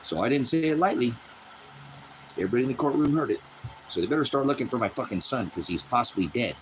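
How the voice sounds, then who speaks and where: A man talking heatedly and profanely about his legal troubles, repeating himself and climbing into a strained high pitch when upset, out on his rural property. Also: lively intonation, quick pace, a little hiss or hum, low-quality recording. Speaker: host of a personal channel. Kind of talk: unscripted personal rant.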